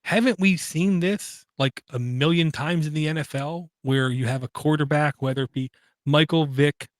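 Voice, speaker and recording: With a fairly high voice at a moderate pace, a male podcast co-host chats casually, rambling and offering opinions while often interrupting and restarting himself. The recording has no echo.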